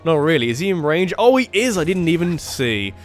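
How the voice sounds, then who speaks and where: A man with a sore throat rambling through let's play commentary, often correcting himself and breaking into excited outbursts. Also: fairly high pitch, a little fast, faint music behind. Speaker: gaming channel host.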